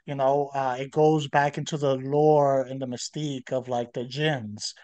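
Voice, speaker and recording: A man's voice: mid-range voice, flat delivery, measured pace, dark tone. A man co-hosting a podcast in casual chat, rambling with fillers and restarts. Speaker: podcast co-host.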